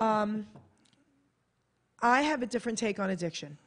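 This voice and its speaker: A woman's voice: mid-range voice, a little slow. An American woman, a guest author on a radio talk show, chatting casually and acting out quotes as she tells a story. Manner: animated, acts out quotes in a bright voice. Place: radio studio.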